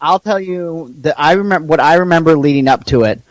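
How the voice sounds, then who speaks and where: A man's voice: on the high side, fairly quick, no echo, rough recording. Easygoing man with a dry sound. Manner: easygoing and self-mocking, frequent laughter, filler-heavy. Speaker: podcast co-host. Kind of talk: casual chat.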